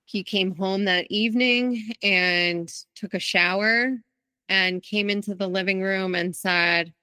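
A woman's voice: fairly low pitch, bright, forceful tone, clear, resonant tone, no echo. A woman guest in an interview, telling her own story in a candid, reflective way with frequent restarts. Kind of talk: interview, personal account.

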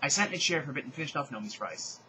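A man giving a comedic dramatic reading of bad fan fiction, with deadpan asides between exaggerated passages. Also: fairly high pitch, racing, slight background noise, low-quality recording. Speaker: fanfic reader.

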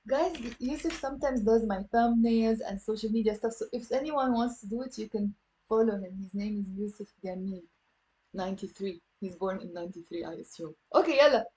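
A woman with a Lebanese accent teaching a live online language class, lively and encouraging, mixing English with Arabic. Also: medium pitch, a little fast.

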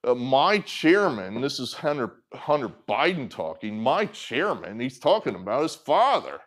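A man's voice: medium pitch, very animated, measured pace, a bit bright. A middle-aged man talking through his political commentary in a rambling, sarcastic way, with many fillers and restarts. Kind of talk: casual commentary video.

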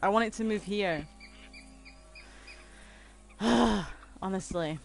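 A woman's voice: mid-range voice, slow pace, vocal fry, slight background noise. A woman, chatting casually with viewers on a game stream and laughing easily. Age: 20s. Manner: chatty and giggly, reading out and answering chat.

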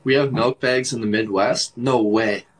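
A man's voice: mid-range voice, steady tone, unhurried, breathy edge, rough recording. A man with a Canadian accent chatting casually on a livestream, laid-back and laughing often, with lots of "like". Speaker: livestream host.

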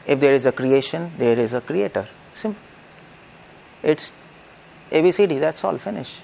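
Gravelly preacher. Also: male voice, on the high side, lively intonation, normal speed, a little mellow, slight background noise. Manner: rhetorical questions to the audience, with tag questions. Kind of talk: lecture-style religious discourse.

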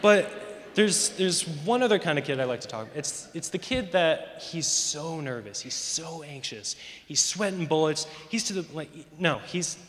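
A man's voice: on the high side, animated, moderate pace, fairly bright tone. A teenage boy doing rambling, self-mocking stand-up comedy on a school talent show stage. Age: teens. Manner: rambling, self-mocking, lots of "you know". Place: large school auditorium stage. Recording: echoey hall.

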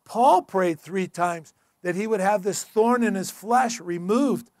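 A male pastor delivers a sermon in an earnest, emphatic and conversational way. His voice sits high for a man. The recording is dry and close. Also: slow, a little mellow, dry recording. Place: church.

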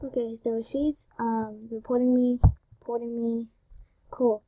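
A woman in a casual vlog, reading chat messages aloud in a rapid, flat run. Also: fairly high pitch, dry recording. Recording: dull lo-fi dry recording.

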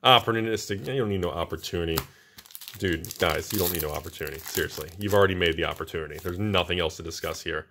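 A male host giving casual, excitable, joking commentary while opening card packs. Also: low voice, fast talker, a little hiss or hum. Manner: excitable, exclaiming, jokey.

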